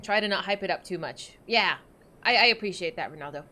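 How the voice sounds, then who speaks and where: A woman's voice: on the low side, expressive, a little fast, sharp tone, slight background noise. A woman streaming a game, chatting casually and giggling with her viewers. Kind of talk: casual live-stream chat.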